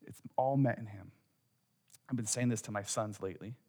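A middle-aged man preaching a sermon as a pastor in a conversational way, dropping quiet and then rising to loud emphasis. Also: fairly low pitch, brisk.

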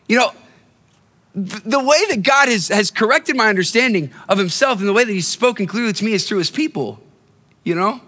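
Bright-voiced male pastor in a hall. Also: high voice, expressive, fairly quick. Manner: storytelling, conversational, repeats and restarts phrases. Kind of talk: sermon. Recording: long hall reverb.

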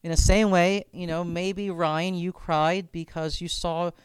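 A man's voice: sits high, flat delivery, unhurried, clear, resonant tone, no echo. Earnest man guiding a faith talk. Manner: earnest, repeats words while thinking aloud. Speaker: campus minister. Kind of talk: reflective faith discussion.

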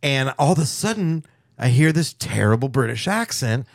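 A man's voice: mid-range voice, sing-song, normal speed, vocal fry, dry recording. A man chatting casually on a podcast, laughing often and swearing as he tells rambling stories.

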